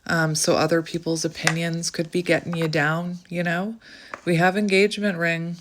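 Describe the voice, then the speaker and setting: A woman's voice: on the low side, flat delivery, normal speed, very noisy. A woman who is out of breath, giving a rambling, musing tarot reading in a casual spoken style. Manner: musing, rambling, filler-heavy. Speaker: tarot reader.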